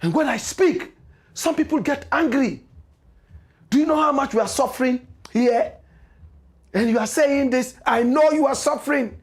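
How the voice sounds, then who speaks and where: A man with a high voice and a Ghanaian English accent hosts a political commentary show. He preaches with passion, driving each point home through repeated rhetorical refrains. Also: normal speed, pauses often. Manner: impassioned, preachy, repetitive rhetorical cadence. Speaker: radio and online show host.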